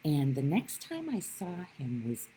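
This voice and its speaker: A woman's voice: sits low, wildly swooping pitch, measured pace, warm tone, slight background noise, rough recording. A woman giving a live-streamed spiritual talk, telling stories with animation and greeting viewers by name. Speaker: spiritual teacher.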